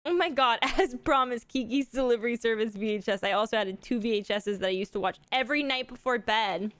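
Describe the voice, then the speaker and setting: A young woman and mother chatting casually on a live stream, excitable and gushing. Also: on the high side, a little fast, no echo. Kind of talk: casual chat.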